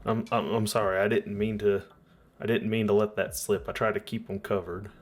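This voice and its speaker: A man's voice: on the low side, little pitch movement, faint music behind, close to an everyday voice. A man voicing a devout, self-punishing village priest who speaks hesitantly, with many restarts. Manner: hesitant, halting speech full of restarts.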